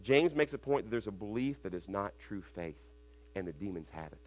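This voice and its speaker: A man preaching an expository sermon, stumbling and restarting over words, then building up to loud, emphatic recitations of scripture. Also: fairly low pitch, animated, fairly quick. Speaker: pastor.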